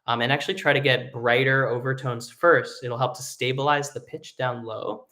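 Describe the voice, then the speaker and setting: A man who sings tenor, teaching a live singing lesson in a relaxed, explanatory way, with hummed and sung demonstrations. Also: mid-range voice, normal speed. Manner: explains casually, demonstrates hums and sung vowels.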